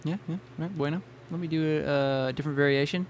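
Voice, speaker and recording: A young male podcast host with a slightly raised pitch, chatting loosely and laughing between lines. He restarts sentences often, and a faint hum sits under his voice. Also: steady tone, quick pace. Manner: laughing often, rambling and self-correcting. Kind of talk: casual banter while planning intros.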